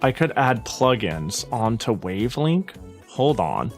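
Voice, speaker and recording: A male streamer rambling through a casual live chat, his pitch bouncing up and down a lot as he self-interrupts and swears. He talks slowly and sounds a little out of breath, with faint music playing behind him. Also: big pitch swings. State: slightly out of breath.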